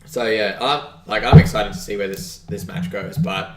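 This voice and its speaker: A man's voice: fairly low pitch, moderate pace, a little mellow, reverberant, a little hiss or hum. A man co-hosting a podcast, rambling through a casual wrestling recap with lots of fillers and real enthusiasm. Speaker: podcast co-host.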